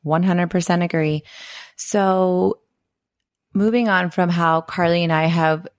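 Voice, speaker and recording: A woman's voice: lowish voice, takes it slowly, dry recording. A woman co-hosting a podcast in easy, casual conversation, talking about her own experience. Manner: relaxed conversational, fillers and laughs. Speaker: podcast co-host.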